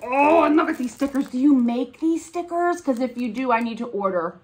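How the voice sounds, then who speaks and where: A woman's voice: sits high, lively intonation, moderate pace, a little mellow. A woman vlogging as she opens gifts, gushing and gasping with delight. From United States. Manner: gushing, gasping, breathy exclamations. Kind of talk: casual unboxing chat.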